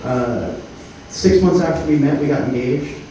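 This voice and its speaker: A man in his thirties performing a stand-up comedy set on a club stage, deadpan, with frequent filler words. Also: on the high side, measured pace, slight background noise. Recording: roomy club sound from a distance. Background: faint room ambience.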